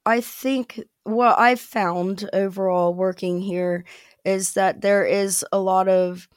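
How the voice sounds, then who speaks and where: An American woman, a podcast guest, chats in a rambling way with frequent fillers and laughs. Her mid-range voice is steady and slow, recorded in studio quality with no room sound.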